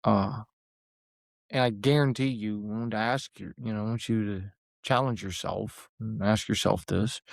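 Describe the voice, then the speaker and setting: A man's voice: fairly low pitch, steady tone, moderate pace, creaky, dry recording. A man hosting a podcast, talking earnestly in a rambling way with many fillers and restarts. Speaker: podcast host. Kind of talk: casual podcast talk.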